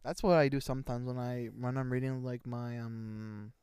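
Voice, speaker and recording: A man's voice: medium pitch, fairly even intonation, normal speed, a little mellow, clean tone, no echo. A sleep-deprived young man co-hosting a casual podcast, rambling playfully and laughing often. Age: young adult. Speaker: podcast co-host. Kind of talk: casual chat.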